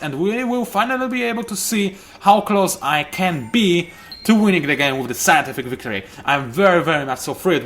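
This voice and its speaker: A man's voice: a little high, a bit bright. A man hosting a let's play, giving chatty, rambling gameplay commentary and often correcting himself.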